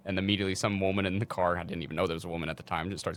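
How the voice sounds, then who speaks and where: Young guy on a podcast, lowish voice, animated storytelling, swears a lot, dry close mic. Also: very fast, hardly any pauses, no room sound. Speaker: podcast co-host. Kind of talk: casual storytelling chat.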